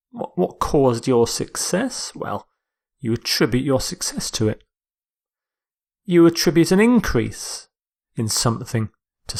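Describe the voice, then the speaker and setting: A man teaching English vocabulary in a lecture, speaking deliberately and repeating key words. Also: a little high, vocal fry. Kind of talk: slow scripted vocabulary lecture.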